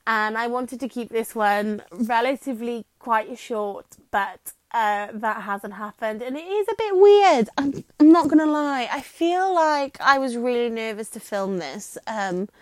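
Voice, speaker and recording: A woman's voice: a little high, unhurried, darkish tone, dry recording. A young woman with a Welsh accent hosting her podcast, chatting in a rambling, self-deprecating way while lying on her bed talking into a microphone. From Wales. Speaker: podcast host. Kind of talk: casual chat.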